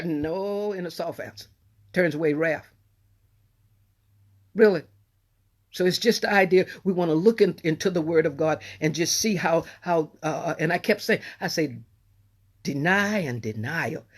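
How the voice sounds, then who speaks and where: A middle-aged woman preaching a sermon in a folksy, animated way, often repeating and restarting her phrases. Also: on the low side.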